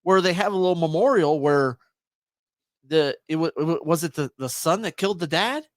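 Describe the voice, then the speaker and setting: A man's voice: fairly high pitch, normal speed, no echo, clean studio sound. A man co-hosting a casual podcast, hesitant and agreeable, often restarting his sentences. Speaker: podcast co-host. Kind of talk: casual chat.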